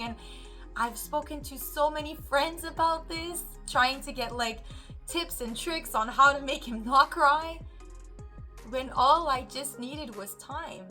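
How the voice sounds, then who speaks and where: A mother vlogger casually tells a story to camera, animatedly acting out the voices of others. Her high voice moves slowly, with soft music in the background.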